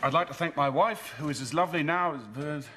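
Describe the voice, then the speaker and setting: An actor playing a gloomy groom having doubts, speaking in a dry, downbeat way in a sitcom. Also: male voice, on the high side, fast talker, pushed and bright, slight background noise. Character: glum, doubtful young male groom. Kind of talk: sitcom acting. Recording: TV sitcom recording with audience laughter.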